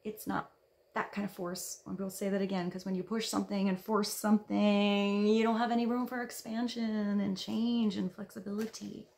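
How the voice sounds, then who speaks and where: Gravelly-voiced woman giving a tarot reading. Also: mid-range voice, little pitch movement, normal speed, few pauses. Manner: soft, dreamy, drops to a whisper when reading card texts. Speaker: tarot reader.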